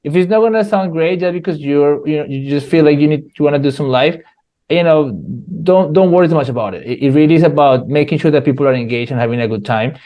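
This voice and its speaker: Dj dude cohosting a podcast, kinda high voice, laughs a lot, rambles. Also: male voice, fast talker, mellow. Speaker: podcast co-host, DJ. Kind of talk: casual chat.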